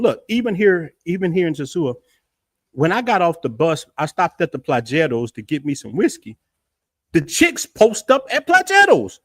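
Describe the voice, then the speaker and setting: A middle-aged man from the United States hosting a casual livestream from his house, talking in an animated, rambling way with frequent laughs. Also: sits high, no room sound, clean studio sound. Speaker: travel livestream host.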